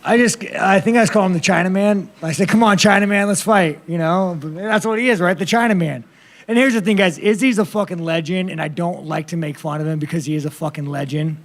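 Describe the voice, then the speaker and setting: A man's voice: high voice, fast. A man fielding reporters' questions at a post-fight press conference, blunt and rambling, swearing constantly and laughing at himself.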